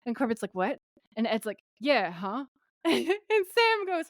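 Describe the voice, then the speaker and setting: A woman's voice: a little high, moderate pace, dry recording, clean studio sound. A woman co-hosting a podcast, recapping an episode in casual chat and acting out characters' lines. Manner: animated, quoting characters in voices. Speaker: podcast co-host.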